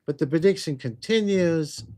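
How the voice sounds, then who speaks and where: A man with a slightly high voice hosts a relaxed livestream. He rambles and chats as he takes viewers' questions one by one. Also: normal speed. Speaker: psychic livestream host. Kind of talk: casual livestream Q&A.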